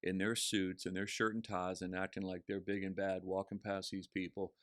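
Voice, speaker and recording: A man's voice: low voice, level tone, moderate pace, dry recording. A man who is a real estate agent, chatting as a podcast guest and telling stories with quoted voices. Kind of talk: casual chat.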